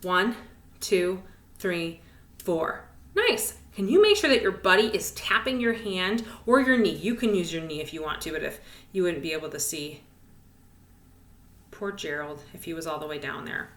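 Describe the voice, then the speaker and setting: A woman's voice: on the low side, brisk, fairly bright tone, reverberant. A woman music teacher giving a cheerful, encouraging video lesson to young children, speaking in a sing-song way and whispering the rests.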